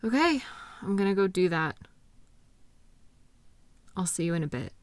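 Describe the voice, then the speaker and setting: A woman's voice: lowish voice, big pitch swings, unhurried, dry recording. A woman voicing a devoted girlfriend who is worried and exhausted, talking in an emotional, pleading way with frequent sighs, in an intimate audio roleplay. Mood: tired, soft. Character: anxious, devoted girlfriend, exhausted after a sleepless night.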